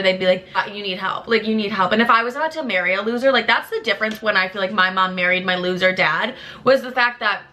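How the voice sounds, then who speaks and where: A young woman in her twenties talks candidly to her viewers as if they are close friends. Her voice is bright and forward, her delivery blunt and chatty, with casual swearing and lively jumps in pitch. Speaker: lifestyle creator. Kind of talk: candid casual chat to camera.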